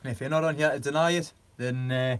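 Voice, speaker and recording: A man's voice: mid-range voice, fairly even intonation, quick pace, clear, resonant tone. A man chatting on a gardening live stream, rambling with lots of fillers and frequent giggles. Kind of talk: casual live stream chat.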